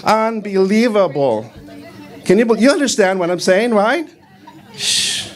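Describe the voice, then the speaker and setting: Middle-aged guy doing standup in a club, deadpan and rambly, kinda high voice. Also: a little slow, a faint crowd. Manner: rambling, deadpan delivery with frequent fillers, breaks into shouted Spanish quotes. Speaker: stand-up comedian. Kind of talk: stand-up comedy set. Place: comedy club stage.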